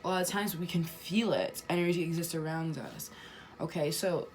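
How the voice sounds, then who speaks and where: A woman's voice: low voice, moderate pace, a little mellow, soft background music. A woman talking casually about spirituality to her viewers, emphatic and repetitive, swearing now and then. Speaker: spiritual vlogger.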